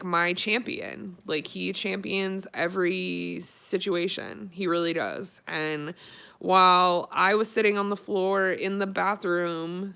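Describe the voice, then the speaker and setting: A woman's voice: medium pitch, a bit bright, clean tone. A young woman telling a personal story in a casual vlog, chatty and full of "like", emotional as she recalls it. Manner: chatty, peppered with "like", emotional retelling. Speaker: vlogger.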